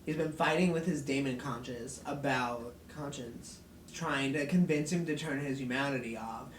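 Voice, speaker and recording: A man's voice: medium pitch, normal speed, slight background noise. Rambling sweary man recapping a show. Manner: rambling, filler-heavy, sweary, acts out quotes. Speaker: video host recapping an episode. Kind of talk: casual recap vlog. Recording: roomy echo from a distant mic, faint music.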